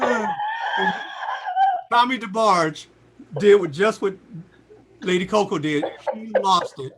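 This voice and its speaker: A man in his sixties telling stories as a guest in an interview, acting out the quotes in a lively voice. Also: a little slow, long pauses, heavy background noise. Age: 60s. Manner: lively storyteller, voices quotes with big pitch jumps. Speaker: singer and guest. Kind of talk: animated storytelling interview.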